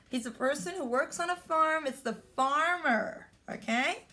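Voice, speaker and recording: Slow, encouraging woman teacher. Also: high-pitched, bright, forceful tone. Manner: slow, repetitive, encouraging prompts. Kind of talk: remote lesson for young children.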